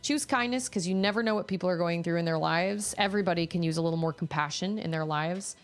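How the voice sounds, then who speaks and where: A woman in her thirties hosts a casual stream chat, her voice low and full of gravelly fry. She rambles warmly from one thought to the next, restarting sentences often. Faint game music plays underneath. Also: fast. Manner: rambling, chatty, with frequent restarts and laughter.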